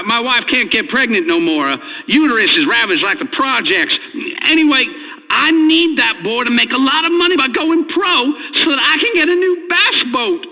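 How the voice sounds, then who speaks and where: A man's voice: very high-pitched, bright, forceful tone, big-room sound, full character voice, poor audio. An actor playing a timid, stammering rural father calling in to a radio show. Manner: stammering, hesitant. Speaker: caller.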